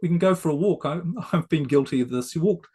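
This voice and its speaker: A man who is a success coach, a guest on an interview show, explaining ideas in a gently persuasive, conversational way. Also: fairly high pitch, a little fast, breathy edge.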